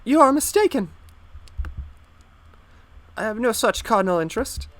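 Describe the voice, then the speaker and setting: A man doing a shrill flustered high-born lady. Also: very animated, moderate pace, a bit bright, heavily acted.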